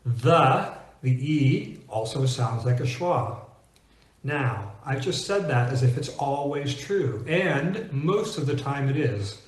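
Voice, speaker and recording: A man teaching English pronunciation in a clear, deliberate way, slowing down to stress example words. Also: medium pitch, animated, echoey room. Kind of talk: scripted teaching monologue.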